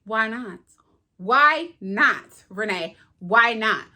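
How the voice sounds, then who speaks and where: A young woman vlogger telling a casual storytime, animated, acting out each bit of dialogue and talking straight to her viewers. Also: fairly high pitch, drawn-out words.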